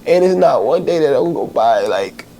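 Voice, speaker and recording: A man hosting a podcast, telling a heartfelt personal story in a halting way, with many pauses and fillers, holding back tears. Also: fairly high pitch, big pitch swings, gravelly, dark tone. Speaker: podcast host.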